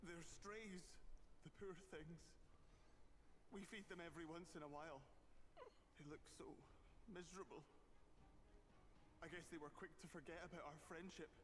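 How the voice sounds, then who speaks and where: A man voices a fretful male violinist who laments everything in a theatrical, pleading way, his voice set high for a man. The game audio is captured with a clear hiss of noise underneath. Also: steady tone, normal speed, pauses often, lightly acted. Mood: despairing. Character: frightened male theater violinist, melodramatic and despairing. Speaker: game character.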